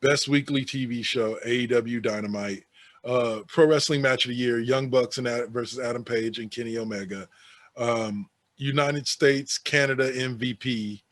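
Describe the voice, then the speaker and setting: A man's voice: medium pitch, fairly even intonation, normal speed, a bit bright, no echo. A man co-hosting a casual podcast, reading out a list of awards and adding sarcastic, offhand asides. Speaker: podcast co-host.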